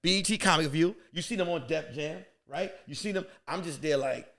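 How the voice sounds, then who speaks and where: A man from Queens, New York, a guest comedian, telling a lively comic story on a podcast and acting out other people's voices. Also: fairly high pitch, brisk.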